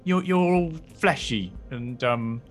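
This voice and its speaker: A man's voice: mid-range voice, lively intonation, faint music behind. A man playing a stammering awkward machine-being. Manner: halting, stammering, fumbling for words. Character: awkward machine-minded being rejecting a fleshy partner. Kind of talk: tabletop role-play in character.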